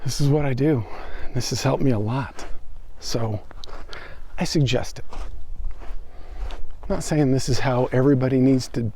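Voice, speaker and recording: A man's voice: mid-range voice, normal speed, long pauses, mellow, a little hiss or hum. A man vlogging while walking outdoors on a desert wash, talking in a loose, reflective way with lots of fillers. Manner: rambling, reflective, many fillers. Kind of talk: casual walking vlog.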